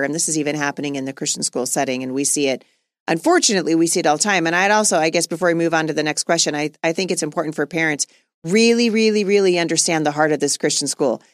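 A woman's voice: sits low, no echo. Earnest woman podcast host, dry sound. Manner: earnest, conversational, laughs easily. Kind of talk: casual podcast conversation.

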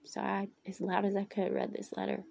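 A woman with a gravelly, slightly husky voice speaks candidly into her phone for her own podcast. She rambles in an unscripted monologue and keeps talking to herself aloud. She brings her faith in God into the talk. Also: medium pitch, completely flat delivery, fairly quick, dark tone, no room sound. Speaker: podcast host.

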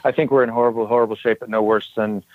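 A man guest telling relaxed, self-deprecating stories in a casual podcast chat. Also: mid-range voice, fast talker, no room sound, narrow, tinny audio. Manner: relaxed storytelling, self-deprecating, laughs often. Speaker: guest, former special operations soldier.

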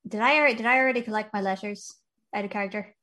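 A woman's voice: mid-range voice, fast, bright, forceful tone. A woman playing in a tabletop game, chatting casually and playfully. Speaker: player.

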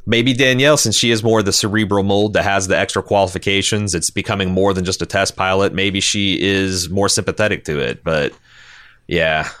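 A man with a very low voice and a bright, forceful tone chats loosely on a podcast, rambling with fillers and restarts. The sound is dry and close. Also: fairly even intonation, brisk, no room sound. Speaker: podcast co-host. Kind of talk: casual recap chat.

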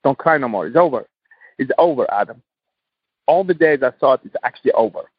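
A man's voice: medium pitch, lively intonation, a little fast, breathy edge, dry recording, highs cut off. A man, a podcast guest, speaking passionately in emphatic, repetitive English. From Tunisia. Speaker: guest entrepreneur. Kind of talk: podcast interview.

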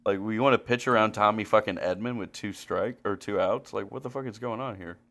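A man's voice: lowish voice, a little fast, creaky. A man hosting a podcast in casual chat, joking and swearing freely. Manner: profane, joking, animated. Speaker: podcast host.

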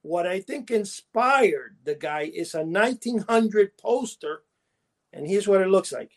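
A man's voice: high voice, animated, measured pace. A man co-hosting a casual chat show, rambling through his stories with restarts and laughing at his own jokes. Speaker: podcast co-host.

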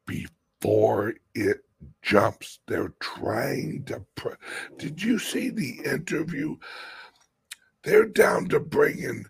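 A man hosting a crypto channel in an impassioned vlog rant. He talks urgently, drops to hushed whispers, rises to shouts, and swears freely for emphasis. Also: mid-range voice, very animated, drawn-out words, creaky, a little hiss or hum.

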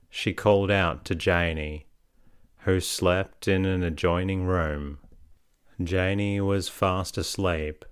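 A man narrating a bedtime sleep story in a calm, soothing, even reading. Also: low voice, smooth, no room sound, studio quality.

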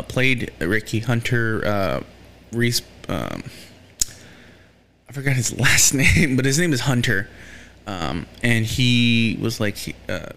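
A man talks through episodes of a series in a loose, casual recap. His voice sits at an ordinary middle pitch. He rambles, restarts his sentences, leans on fillers, and swears freely when he gets heated. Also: a bit bright. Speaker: show recapper.

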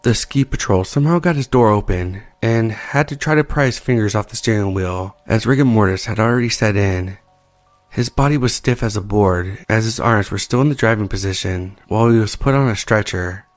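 Low-voiced man narrating horror stories. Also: brisk, no room sound. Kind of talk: scripted narration of listener stories. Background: soft background music.

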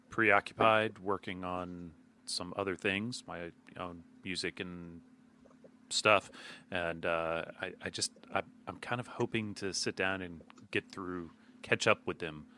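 A man with a very low voice and a bright, forceful edge chats casually, dropping dry, deadpan jokes between his thoughts. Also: slight background noise. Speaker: podcast co-host. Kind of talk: casual chat.

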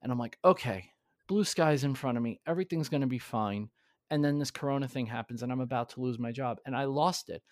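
A man's voice: medium pitch, a little mellow, no room sound. A man speaks candidly and earnestly, his sentences breaking off and starting again. The sound is dry and close, with no room around it. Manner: earnest, halting with restarts. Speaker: podcast guest. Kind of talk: candid conversational storytelling.

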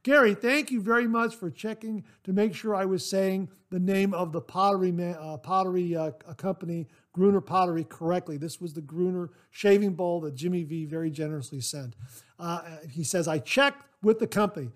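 High-voiced chatty man hosting a podcast. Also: fairly even intonation, moderate pace. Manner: chatty, rambling, frequent "uh" fillers; warmly thankful and enthusiastic. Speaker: podcast host. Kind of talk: casual solo podcast, reading listener mail.

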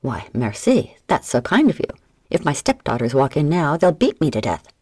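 A woman's voice: low-pitched, big pitch swings, moderate pace, darkish tone, husky, no echo, full character voice. A woman voicing a wry, nervous male gambler with dry wisecracks.

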